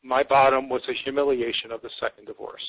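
A man's voice: mid-range voice, level tone, quick pace, creaky, no echo. A psychotherapist in his fifties, a podcast guest, talking earnestly and reflectively, often stopping and restarting. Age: 50s. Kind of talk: conversational interview. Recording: tinny phone-like line, dry.

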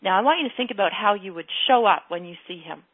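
A woman's voice: mid-range voice, animated, fast, breathy edge. Emphatic woman coaching over tinny line. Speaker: relationship coach. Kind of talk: radio advice call. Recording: tinny phone-like broadcast.

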